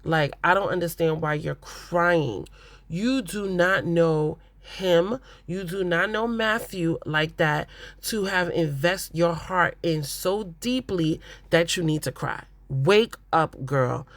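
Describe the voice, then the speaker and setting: A reality TV recap host talks straight to the viewer with blunt, exasperated opinions and loose, chatty phrasing. The voice sits at a middle pitch and comes through dry and close, with no room sound around it. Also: slow pace, a bit bright, no echo. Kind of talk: casual recap commentary.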